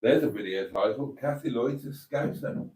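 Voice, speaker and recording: A middle-aged man hosts a livestream, reading out comments from chat in a chatty, rambling way full of cheeky asides. His mid-range voice is darkish in tone, at a normal speed.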